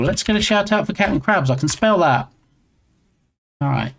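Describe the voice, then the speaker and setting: A man's voice: high-pitched, animated, moderate pace, vocal fry, pauses often, a bit bright. A man hosting a game development live stream, chatting casually with his audience in a playful way and laughing often. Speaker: game dev livestream host.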